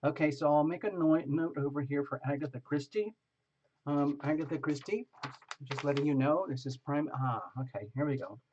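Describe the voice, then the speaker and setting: A chatty man with a fairly high voice hosts a casual live tarot stream, greeting viewers one by one. The sound is dull and muffled, like a lo-fi recording. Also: moderate pace, a little mellow, a little hiss or hum. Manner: chatty, greets viewers by name, laughs often.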